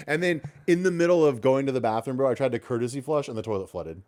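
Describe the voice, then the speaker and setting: A man's voice: mid-range voice, lively intonation, fast talker, darkish tone. A young man hosting a podcast, telling a story in casual, profane talk full of bro and dude. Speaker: podcast host.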